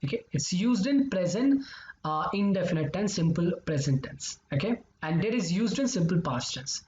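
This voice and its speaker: A man's voice: high-pitched, lively intonation, moderate pace, a little mellow, a little hiss or hum. Man teaching grammar in an echoey room. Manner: repeats examples, keeps checking in with "okay?" and "right?". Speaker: English teacher. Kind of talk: explanatory grammar lesson. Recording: echoey, slightly dull recording.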